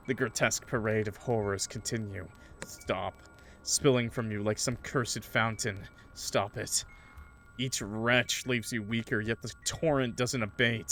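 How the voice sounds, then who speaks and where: A male gaming streamer narrates a horror visual novel with dramatic, measured reading. He drops into casual, joking asides between passages, his voice sitting at an ordinary middle pitch. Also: a bit bright, slight background noise.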